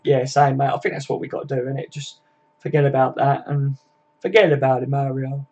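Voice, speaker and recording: This young British man hosts a relaxed live stream at home, desk and sofa around him, going through chat comments while swearing freely and adding "mate" and "innit" to his sentences. He speaks at a medium, steady pitch, a little fast, with a darkish tone on lo-fi audio.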